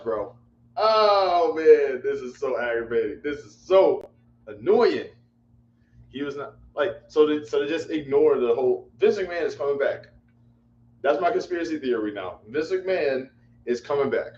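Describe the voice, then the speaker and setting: A man's voice: medium pitch, expressive, a little slow, darkish tone. A man hosting a casual livestream chat, rambling and repeating himself in exasperation. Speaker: livestream host. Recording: echoey room, dull lo-fi mic, faint hum.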